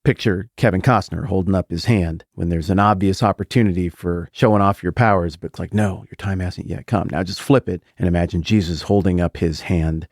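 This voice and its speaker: A man's voice: low voice, fairly quick, hardly any pauses, dry recording, studio quality. A man in his forties, a podcast host, talking through a Bible passage in a casual, musing way with conversational asides. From American Mountain West or Upper Midwest. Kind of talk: casual Bible teaching monologue.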